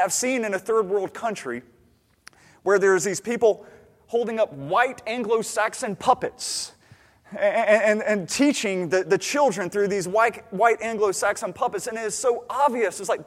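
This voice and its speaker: A man preaching a sermon in a conversational way, often stammering and restarting his sentences. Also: high voice. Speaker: pastor. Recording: long hall reverb.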